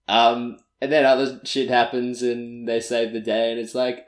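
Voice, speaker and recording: A man co-hosts a casual podcast, recapping a film in a rambling way full of fillers and false starts. His voice sits at a middling pitch and sounds echoey, as if he is in a bare room. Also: slow. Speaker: podcast co-host. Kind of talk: casual chat.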